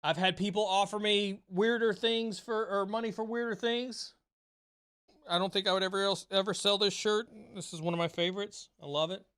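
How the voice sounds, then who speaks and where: A man's voice: high-pitched, fairly even intonation, normal speed, a bit bright, smooth. A man hosting a livestream chat, giving an impassioned, repetitive motivational talk with casual swearing, then answering viewer questions. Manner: impassioned, swears freely, repeats phrases for emphasis. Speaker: streamer host. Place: home streaming setup.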